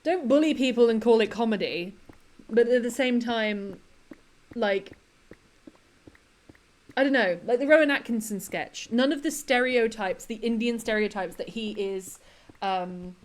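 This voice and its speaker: A woman's voice: fairly high pitch, measured pace, pauses often. A woman chatting casually on a livestream, laughing often and quoting comedy lines. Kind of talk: casual chat with chat while gaming.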